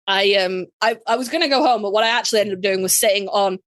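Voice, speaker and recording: A woman's voice: medium pitch, fast, no room sound, clean studio sound. Sassy Yorkshire woman telling a story. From Yorkshire, England. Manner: sassy, profane, animated storyteller. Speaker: podcast guest. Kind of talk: casual storytelling chat.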